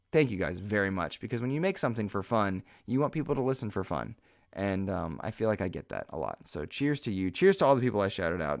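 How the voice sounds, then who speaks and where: A man's voice: on the low side, no room sound, clean studio sound. A man hosting a solo gaming podcast, talking in an earnest, heartfelt way with many fillers and restarts. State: slightly emotional. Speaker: podcast host.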